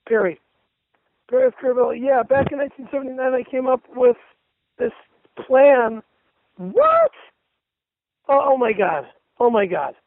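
A man's voice: extremely high pitch, gravelly, no room sound, narrow, tinny audio. A man ranting furiously and cursing while reading messages aloud, punctuation and all.

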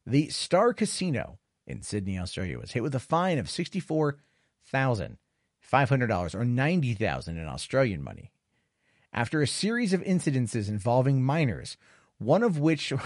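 Rambling streamer with lively pitch. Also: male voice, no echo, studio quality. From United States. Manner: rambling, repetitive, profane, sarcastic. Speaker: livestream host reading chat. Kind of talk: casual livestream news commentary.

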